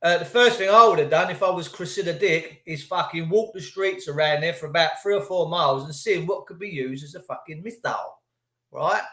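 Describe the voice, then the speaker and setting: A man's voice: fairly high pitch, a little fast, pushed and bright, reverberant. A man ranting on a livestream, swearing and mocking people in put-on voices. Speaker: livestream ranter. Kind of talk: angry livestream rant.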